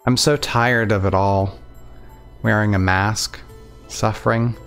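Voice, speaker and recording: A dying young woman murmurs faintly and wearily, voiced by a male reader in a low voice close to his own. Her words come soft and quiet. Faint music plays underneath. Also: fairly even intonation, slow pace. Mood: faint weary.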